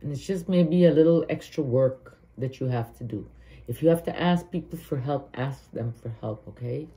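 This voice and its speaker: Guyanese woman, tarot reader; low, mellow voice, earnest and heartfelt, thinks aloud as she goes. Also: moderate pace. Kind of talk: tarot card reading.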